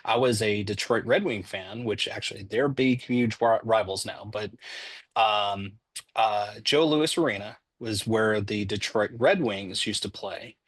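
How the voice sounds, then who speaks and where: A man's voice: fairly low pitch, a little slow. A man in his forties, a stadium announcer, chatting in an interview in a joking, easygoing way with many ums. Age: 40s. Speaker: public address announcer, guest. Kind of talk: casual interview chat.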